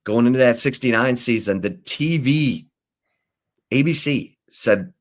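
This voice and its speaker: In a relaxed, unhurried storytelling manner, a male sports insider recounts the history of a college football rivalry. His voice sits at a medium pitch.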